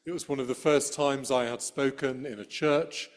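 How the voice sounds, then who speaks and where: A man's voice: medium pitch, fairly even intonation, normal speed. Middle-aged male priest, sermon in a church, church microphone, storytelling tone, dry wit. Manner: conversational storytelling with dry humor.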